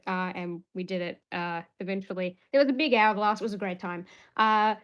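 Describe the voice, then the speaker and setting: A woman's voice: mid-range voice, fairly even intonation, brisk, clear, resonant tone, highs cut off. Woman player giving a rambling, jokey session recap, full of fillers.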